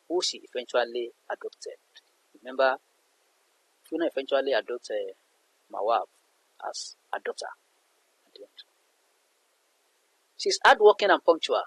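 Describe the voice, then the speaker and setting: A husky-voiced man explains a set novel to students. His pitch swings widely as he leans on key words, and he often circles back to repeat a point. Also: a bit bright, low-quality recording. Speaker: literature teacher. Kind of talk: explanatory lesson narration.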